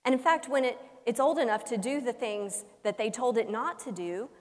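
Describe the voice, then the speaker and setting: A woman pastor delivering a sermon as a humorous story, with dramatic pauses and shifts between loud emphasis and hushed soft lines. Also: a little high. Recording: long reverb of a large hall.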